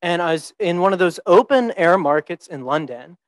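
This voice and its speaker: An easygoing young man from the southern United States talks a class through his slides, self-deprecating and a little hesitant. His voice sits a bit high for a man and sounds dry and close. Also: lively intonation, normal speed, dry recording. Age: young adult. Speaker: teaching fellow presenting. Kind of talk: informal class presentation.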